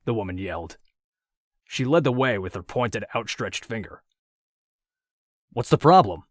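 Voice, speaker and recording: A male audiobook narrator with a lowish voice, reading in a steady, measured way. The sound is close and dry, with no room echo.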